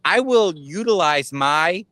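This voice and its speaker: A man co-hosting a podcast, talking in a blunt, excitable way and laughing quickly. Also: on the high side, dry recording. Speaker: podcast co-host. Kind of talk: casual podcast chat.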